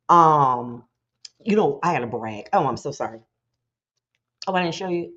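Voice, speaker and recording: She has a rumbling low voice, and the sound is lo-fi. Hosting her motivational talk show, she preaches in an animated, conversational manner and slips into quick voices to act things out.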